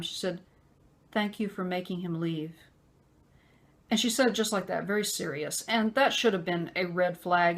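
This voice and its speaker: A woman telling a personal story in a conversational vlog, with many fillers and pauses. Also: mid-range voice, fairly bright tone. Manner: acts out a harsh man's voice in quotes. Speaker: vlogger.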